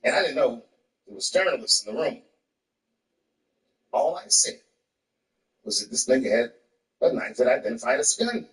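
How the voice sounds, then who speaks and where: A man's voice: medium pitch, expressive, moderate pace, long pauses. A man doing a profane stand-up routine on stage, telling a story. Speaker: stand-up comedian. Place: stage before an audience. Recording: roomy, distant stage recording.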